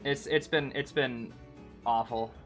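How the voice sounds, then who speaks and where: A man streaming a casual gameplay recap who is excitable, repeats his words and keeps calling his listeners bro. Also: mid-range voice, takes it slowly, faint music behind. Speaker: game streamer.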